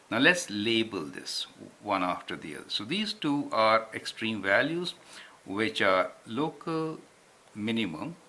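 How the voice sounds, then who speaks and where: A math tutor works through calculus step by step at a whiteboard, patiently checking understanding with frequent tag questions. His voice is lowish with a sharp tone.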